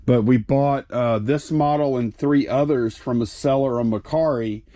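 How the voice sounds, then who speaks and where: A middle-aged man co-hosting a reseller video, chatting in a relaxed, rambling way with side remarks. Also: medium pitch, moderate pace. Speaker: reseller co-host. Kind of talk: casual chat.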